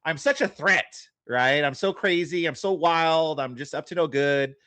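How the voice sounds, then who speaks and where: A man's voice: fairly high pitch, normal speed, bright, forceful tone, no room sound. A man streaming and reacting to a clip with sarcastic, mocking commentary. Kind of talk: casual chat.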